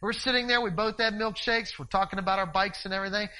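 Bright, high-voiced man preaching. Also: quick pace, clear, resonant tone, poor audio. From northeast Ohio, US. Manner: animated storyteller, swings between loud and hushed. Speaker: minister. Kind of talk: sermon with personal storytelling.

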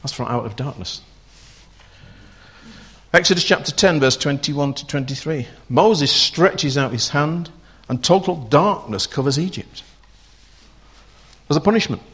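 A man's voice: a little high, expressive, unhurried, pauses often, fairly bright tone, slightly rough. A man preaching a sermon, talking conversationally and putting rhetorical questions to his listeners.

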